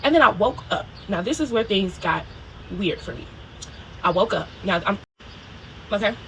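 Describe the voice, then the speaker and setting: A woman telling a personal story for her video diary in a casual, animated way. She swears freely and keeps checking in with "you know" and "okay?". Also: medium pitch, moderate pace, a little hiss or hum, low-quality recording. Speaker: spiritual video diarist.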